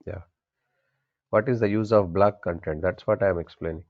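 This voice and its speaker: Low-voiced man teaching a coding class. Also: normal speed, lo-fi sound. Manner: asks the class questions and answers them himself; repeats key points. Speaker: programming instructor.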